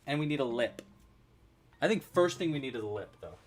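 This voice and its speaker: Lively man teaching crochet on a stream. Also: medium pitch, a little fast, soft background music. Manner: chatty, narrates his own handiwork, playful asides. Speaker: crochet instructor. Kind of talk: casual livestream tutorial.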